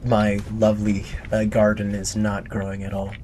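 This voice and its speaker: A man's voice: fairly low pitch, monotone, moderate pace, darkish tone, a little hiss or hum. Man musing aloud while playing. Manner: rambling, talks to himself and chat. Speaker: streamer. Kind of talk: casual gameplay commentary.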